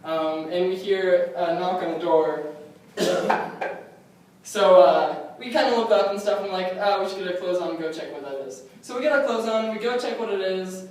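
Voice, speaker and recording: A man's voice: high-pitched, normal speed, a little mellow. A young man telling a rambling stand-up story on stage, full of ums and likes and laughing at his own jokes. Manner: rambling, self-amused, lots of ums and likes. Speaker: stand-up comic. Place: comedy club stage. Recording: echoey room recorded from far, noisy. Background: audience laughter.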